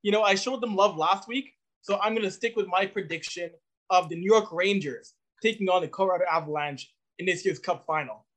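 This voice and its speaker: A man on a casual sports podcast panel gives his pick in a relaxed, matter-of-fact way. His voice sits high for a man. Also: a little fast.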